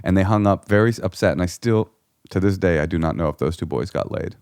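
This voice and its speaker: A man's voice: deep voice, fast, clean tone, dry recording, clean studio sound. A man telling a comic story in casual chat, acting out the people in it. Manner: animated storyteller, acts out shouting characters. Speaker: comedian guest.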